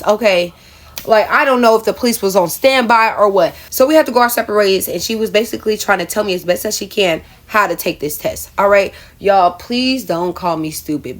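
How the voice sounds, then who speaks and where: A woman's voice: medium pitch, expressive, a little fast. A young adult woman telling a personal story in a casual vlog, chatty and self-mocking, often calling her viewers y'all. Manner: chatty, addresses viewers as y'all, laughs at herself. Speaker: storyteller vlogger.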